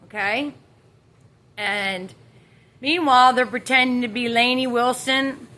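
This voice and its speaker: A woman's voice: fairly high pitch, unhurried, pushed and bright, slight background noise. A woman telling her own story in a rambling, emotional way, with many fillers and restarts. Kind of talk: rambling personal account.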